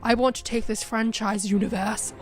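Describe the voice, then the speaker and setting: A woman's voice: fairly high pitch, steady tone, a little fast, faint music behind, close to an everyday voice. A woman reading the part of a boastful, sneering male alien villain who plots to enslave humans, in a storybook reading. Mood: scheming.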